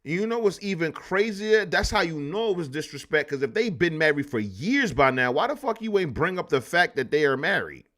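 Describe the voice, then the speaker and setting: A man hosting a live history stream, ranting in an animated, profane way. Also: on the high side, a little fast, hardly any pauses. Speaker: host.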